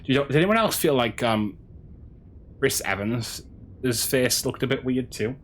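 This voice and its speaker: A man streaming a game, chatting casually with his audience in a halting way, with frequent restarts. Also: medium pitch, expressive, a bit bright, slight background noise. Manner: halting, chatty, many restarts, answering chat. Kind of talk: casual stream chat while gaming.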